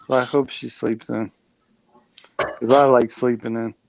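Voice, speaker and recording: A man's voice: medium pitch, level tone, measured pace, creaky, darkish tone, rough recording. A man hosting a live stream, rambling and joking in casual chat. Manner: chatty, rambling, laughs at himself.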